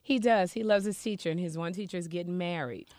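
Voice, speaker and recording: A woman co-hosting a casual talk show, telling stories with lively acted-out voices. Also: on the low side, fast, no echo, studio quality. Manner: animated storyteller, acts out quoted voices. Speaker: co-host. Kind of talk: casual chat.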